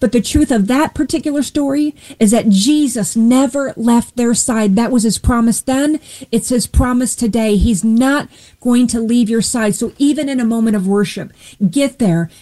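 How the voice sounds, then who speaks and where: High-voiced woman sharing heartfelt testimony. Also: warm tone. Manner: earnest, retells Bible story vividly.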